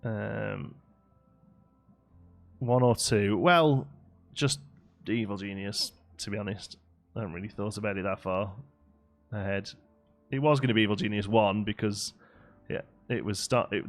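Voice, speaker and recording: Casual male streamer, lowish voice, talks through his building and chats with viewers. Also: normal speed, soft background music. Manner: chatty, reads out chat and answers it. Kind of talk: casual live-stream commentary while building.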